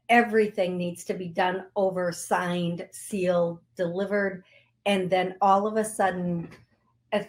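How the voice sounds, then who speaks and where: A woman in the middle of her range speaks very slowly as she guides an energy clearing. Her tone is soothing and affirming, and she repeats short phrases as she works. The pacing is unhurried throughout. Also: mid-range voice, darkish tone. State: briefly tearful. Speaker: psychic medium show host.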